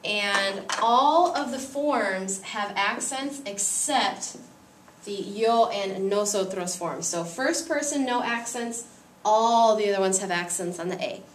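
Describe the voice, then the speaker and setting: A woman's voice: mid-range voice, takes it slowly, reverberant, distant mic, slight background noise. A woman teaching a Spanish grammar lesson, patiently explaining each step.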